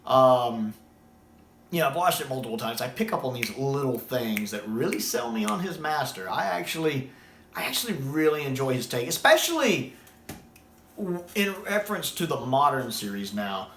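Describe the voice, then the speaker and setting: A man's voice: medium pitch, normal speed, reverberant, a little hiss or hum. A man from the United States, enthusiastically discussing a sci-fi show in casual talk and acting out quoted scenes. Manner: excited, quotes scenes in acted voices.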